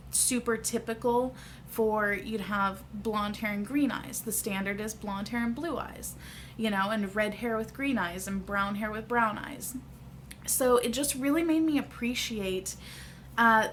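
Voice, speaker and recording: A woman's voice: on the high side, slight background noise. A woman in her thirties telling a personal story to camera in a chatty, candid vlog, laughing easily. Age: 30s. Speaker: vlogger.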